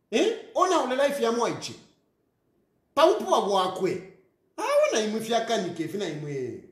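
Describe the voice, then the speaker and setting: A man with a Zambian accent giving an animated social media rant, scolding and mixing English with a local language. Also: very high-pitched, roomy sound.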